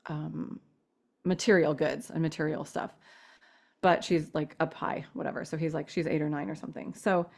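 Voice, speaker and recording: A woman on a podcast mic, chatting loosely and candidly as she works her way toward a question. Her voice sits a little low, and she circles back with "like" and restarts. She swears here and there without a second thought. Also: vocal fry. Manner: rambling, full of "like" and restarts. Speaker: podcast co-host asking a question. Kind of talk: casual chat.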